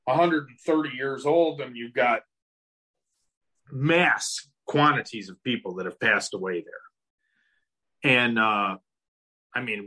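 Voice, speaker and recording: Male guest storyteller, very expressive pitch, bright voice, casual and profane. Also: breathy edge, poor audio. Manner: animated, laughs often, swears casually. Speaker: podcast guest.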